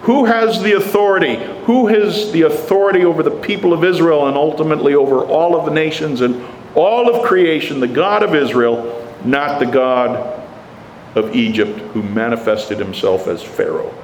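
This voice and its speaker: A man preaching a sermon, slow and emphatic, rising on his rhetorical questions. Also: on the high side, darkish tone, slight background noise. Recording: echoey hall, faint ambience.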